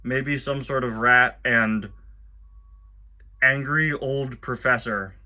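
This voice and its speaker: A man's voice: mid-range voice, fairly even intonation, slow pace, sharp tone. A man casually commenting on a children's book and reading bits aloud, chatty and wry with frequent asides. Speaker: host reviewing a children's book.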